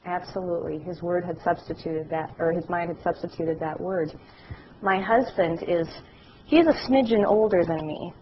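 A middle-aged woman giving a class lecture, telling anecdotes in a lively way and acting out the voices of people she describes. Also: lowish voice, normal speed, dull audio, background noise. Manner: animated storytelling, acts out voices.

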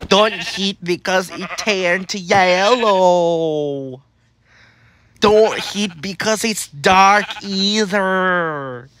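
A comedy narrator scolds over gameplay in a very slow, drawn-out voice, saying the same warnings again and again. A faint hiss runs underneath. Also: mid-range voice, fairly bright tone.

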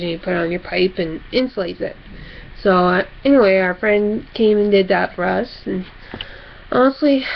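Chatty woman, gravelly voice. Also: medium pitch, highs cut off. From upper Midwest of the United States. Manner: rambling, self-correcting storytelling. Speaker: vlogger. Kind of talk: casual chat.

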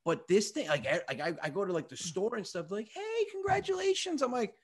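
A man's voice: on the high side, lively intonation, brisk, slightly rough. A young man, a comedian telling comic stories on a podcast, acting out the people he quotes. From United States. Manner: comic storytelling, acts out quoted voices, swears freely. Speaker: comedian guest. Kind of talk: animated storytelling.

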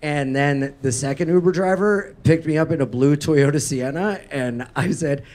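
A man's voice: a little high, moderate pace, a little mellow. A man co-hosting a comedy podcast, bantering playfully with jokey, provocative remarks.

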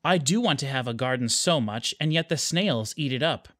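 A man's voice: medium pitch, lively intonation, normal speed, a bit bright, dry recording, clean studio sound. A man voicing a worried little girl in a children's story, reading in a fretful, plaintive way. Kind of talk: storybook read-aloud.

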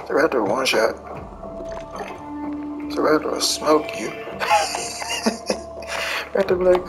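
A woman's voice: on the low side, moderate pace, pauses often, music in the background. A woman giving casual gameplay commentary, cursing freely, laughing often and retelling trash talk as quoted back-and-forth. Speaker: gamer.

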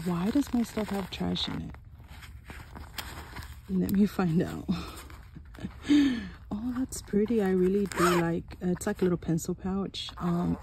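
A woman chatting through an unboxing haul at home, excitable and chatty, gasping and exclaiming over each item. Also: fairly low pitch, creaky, noisy background. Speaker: haul vlogger. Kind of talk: casual unboxing chat. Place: home room.

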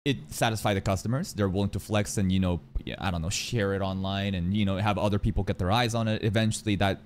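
A man's voice: sits low, fairly even intonation, quick pace. A man giving casual, blunt reaction commentary, swearing freely and arguing his point. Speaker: reaction streamer.

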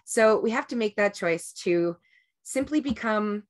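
A woman's voice: mid-range voice, lively intonation, unhurried. Rambling woman coaching on habits. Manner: rambling, with many restarts and "right?" check-ins. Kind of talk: casual group talk before a meditation.

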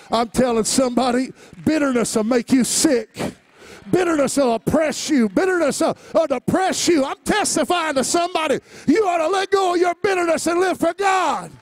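A male pastor preaching a sermon, moving between quiet personal storytelling and shouted, rising refrains, with easy laughs along the way. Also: very high-pitched, no echo. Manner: laughs easily between lines.

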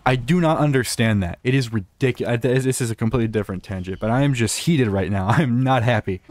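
A man's voice: medium pitch, fast, a little mellow, slight background noise. A man hosting a reaction video, ranting angrily with lots of swearing and stumbling restarts. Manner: heated, profane, stumbling restarts. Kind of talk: angry ranting commentary.

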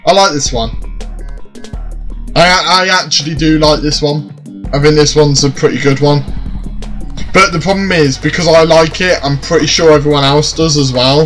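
A man commentating his own gameplay, often frustrated, swearing and shouting at the game. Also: on the high side, normal speed, pauses often, faint music behind. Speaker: gaming YouTuber. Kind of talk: let's play commentary.

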